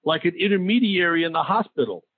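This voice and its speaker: A man's voice: high-pitched, lively intonation, fast. A man interviewing a guest, prompting him and adding details to his stories. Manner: prompting, affirming listener. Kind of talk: casual interview. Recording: tinny phone-like audio.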